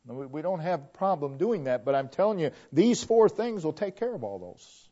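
A middle-aged man preaches with earnest conviction, his voice sitting somewhat high for a man. He repeats his key phrases, climbing to emphatic peaks before sinking low and quiet. The recording is dull and lo-fi. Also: sing-song, moderate pace. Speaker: pastor. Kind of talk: sermon.

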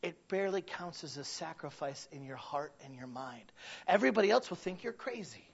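Preaching in a high voice that's creaky and husky, this middle-aged Midwestern pastor from Michigan talks expressively and fairly quickly. His sermon moves from conversational, quiet asides to loud, emphatic peaks, and the recording sounds dull and lo-fi.

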